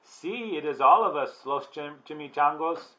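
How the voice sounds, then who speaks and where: A man's voice: a little high, lively intonation, moderate pace, a bit bright. A man voicing the smallest male chihuahua of a gang, eager and chirpy, in a storybook read-aloud. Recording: dull lo-fi recording.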